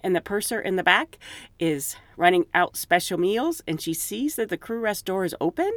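Woman, flight attendant storyteller; casual, animated, pitch swinging widely; close, dry sound. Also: normal speed, dry recording. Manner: animated, laughs often, quotes people in raised voices. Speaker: flight attendant telling stories.

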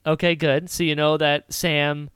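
A woman hosting a podcast, recapping a film in casual chat with lively retellings. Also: low voice, clean tone, no echo, clean studio sound. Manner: animated retelling with quick character voices. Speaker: podcast host.

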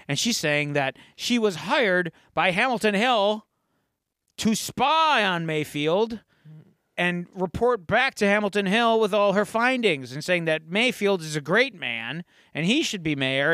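Podcast guy, high bright voice, animated storytelling recap, dry close mic. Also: normal speed, dry recording. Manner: animated storytelling, acting out quotes. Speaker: podcast host. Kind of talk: casual episode recap.

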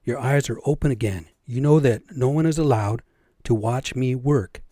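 A man's voice: mid-range voice, moderate pace, warm tone, dry recording, studio quality, close to an everyday voice. A man voicing a stern, busy male creator spirit in a spoken storybook tale, commanding and clipped.

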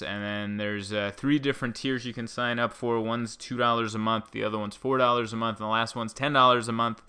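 A man's voice: mid-range voice, bright, forceful tone, clean tone. A man from Southern California hosting his own weekly show from his living room, rambling through sarcastic, self-mocking jokes. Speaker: podcast host. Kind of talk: casual solo monologue. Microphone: microphone into a laptop.

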